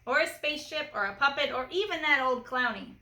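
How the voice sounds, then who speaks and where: A bored young boy in a storybook, as a woman reading aloud voices him, flat and unimpressed in every reply. The voice is bright and sits a little high, with an echoey room sound around it. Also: brisk.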